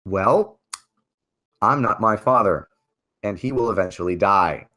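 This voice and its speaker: A man playing a tabletop game in character, speaking in a measured, persuasive way. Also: fairly low pitch, lively intonation, bright, forceful tone. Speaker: player. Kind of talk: in-character tabletop role-play.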